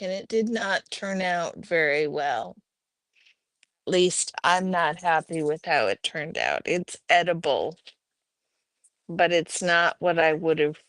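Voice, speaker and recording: A woman hosting a casual livestream at home, chatting and reading out viewers' messages in a relaxed way. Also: lowish voice, dry recording. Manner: relaxed, reads chat aloud, chatty asides. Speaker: livestream host. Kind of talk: casual chat with live chat.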